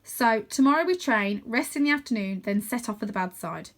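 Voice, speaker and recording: A brisk, bossy young girl who leads a gang of wild girls, as a woman puts her on for a storybook reading. She talks in loud, raised orders, her voice pitched higher than the reader's own and pushed forward. Every line sounds like a command to the whole camp. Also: expressive.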